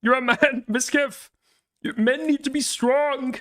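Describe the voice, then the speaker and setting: A man's voice: very high-pitched, fairly even intonation, measured pace, sharp tone, pitched above the performer's own voice, full character voice. A man doing a quavering, preachy pundit. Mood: mock lecturing. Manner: preachy, mock-solemn. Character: mock Canadian pundit man lecturing about manhood.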